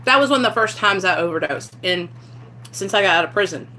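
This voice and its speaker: A woman's voice: medium pitch, animated, fairly quick, sharp tone, slight background noise. A young woman telling a raw personal story to her camera, blunt and candid, swearing freely. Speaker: vlogger sharing her recovery story.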